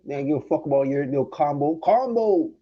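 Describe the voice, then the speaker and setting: A man's voice: medium pitch, monotone, fast talker, dull audio. A man from Jamaica ranting angrily and profanely at someone during his livestream. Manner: angry, profane, confrontational. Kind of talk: heated livestream rant.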